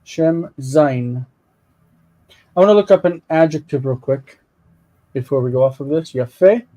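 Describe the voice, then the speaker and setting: A man's voice: fairly high pitch, a little slow, warm tone, highs cut off. A man co-hosting a live stream, chatting casually and eagerly explaining words aloud while looking them up. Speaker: co-host of a Hebrew Bible reading stream.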